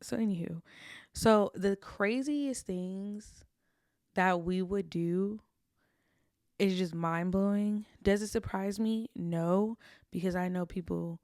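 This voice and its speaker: A woman's voice: on the low side, darkish tone, no echo, studio quality. A young adult woman hosting a podcast, telling stories about her own past in a candid, confessional way with casual slang. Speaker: podcast host.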